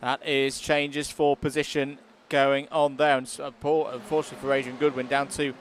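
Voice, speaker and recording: A man calling a live sim race as lead commentator, brisk and quick to rise to excited calls over on-track action. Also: medium pitch, slight background noise.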